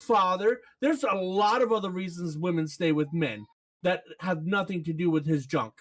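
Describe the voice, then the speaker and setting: A married man co-hosting a podcast, telling animated stories and teasing the others in casual banter. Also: high-pitched, normal speed. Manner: animated storyteller, playful teasing. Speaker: podcast co-host.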